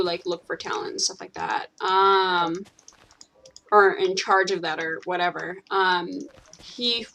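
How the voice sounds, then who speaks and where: A woman's voice: mid-range voice, fairly bright tone, slight background noise. A woman from the United States hosting a gaming channel, chatting casually while she plays, giggling often and filling gaps with ums. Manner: giggly and chatty, many fillers. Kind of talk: casual chat while playing a game.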